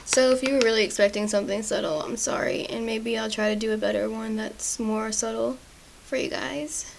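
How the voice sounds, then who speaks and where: A woman's voice: on the high side, fairly even intonation, brisk, creaky, slight background noise, low-quality recording. A young woman chatting casually through a makeup tutorial at home, apologetic and self-deprecating. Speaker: beauty vlogger.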